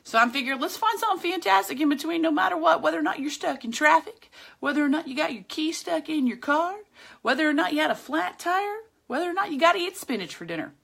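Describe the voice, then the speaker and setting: A woman hosts her own podcast with a bright, ringing voice. She talks in a chatty, emphatic way, piling on slang as she gives a pep talk. She speaks straight to the camera. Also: sits high, lively intonation, fast talker, vocal fry. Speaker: podcast host. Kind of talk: casual motivational monologue. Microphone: camera, speaking to viewers.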